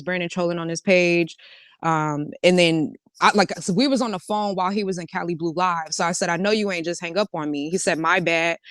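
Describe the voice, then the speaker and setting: Smooth-voiced woman reading texts aloud. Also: fairly low pitch, dry recording, clean studio sound. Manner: relaxed, reads messages aloud with "he said, I said". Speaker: storyteller reading out text messages. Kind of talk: casual recounting.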